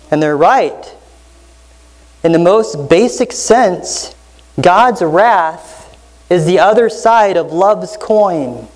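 Slow, emphatic preaching man. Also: high-pitched, darkish tone, rough recording. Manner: earnest, emphatic preaching with deliberate slow stresses. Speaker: pastor. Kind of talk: sermon.

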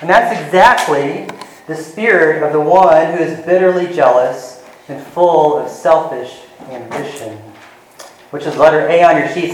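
Man, preacher, sermon, earnest, slightly high voice, echoey room. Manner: earnest, retells scenes with lively voices.

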